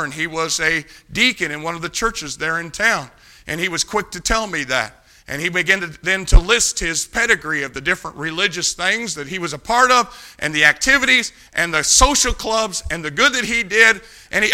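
High, bright-voiced preacher. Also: male voice. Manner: emphatic, pleading, swinging between loud and soft. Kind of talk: sermon.

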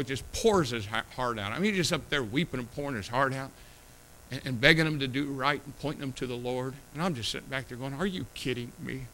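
Forceful, emotional middle-aged male preacher. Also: mid-range voice, a little hiss or hum, rough recording. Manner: emotional, emphatic, conversational preaching. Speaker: pastor. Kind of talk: sermon.

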